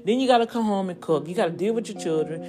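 A woman hosting a podcast, preaching in a casual way to listeners she calls y'all. She swoops up high when she gets fired up and drops low and quiet for asides. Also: lively intonation, fast, music in the background. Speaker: podcast host.

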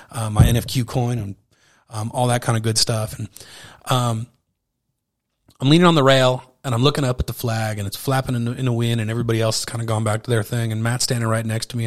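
A podcast host with a medium-pitched voice tells a personal story, casual and animated, swearing now and then and acting out bits of dialogue.

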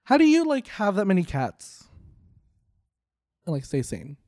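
A young man with a slightly high voice riffs sarcastically as he reacts to a video, tossing off quick jokes and swearing casually. The sound is close and dry, with no room around it. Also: wildly swooping pitch, darkish tone, no echo.

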